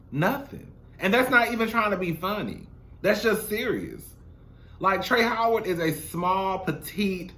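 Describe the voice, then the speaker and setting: A man giving blunt, sassy commentary in a casual reality show recap, talking straight to his viewers. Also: fairly high pitch. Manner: sassy, blunt, animated, calls viewers "girl".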